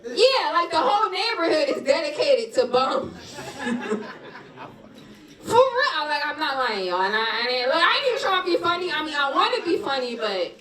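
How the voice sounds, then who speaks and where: A woman's voice: sits high, big pitch swings, moderate pace. A woman from doing a raunchy stand-up comedy set, cursing freely and laughing at her own jokes. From Philadelphia. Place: comedy club stage before a live audience. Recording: roomy club sound from a distance, loud audience.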